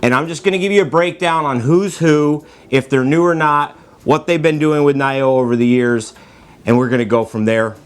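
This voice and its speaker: A man's voice: fairly high pitch, normal speed, smooth. A man hosting a racing preview video in a playful, teasing, self-mocking way. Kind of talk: joking sports-preview vlog.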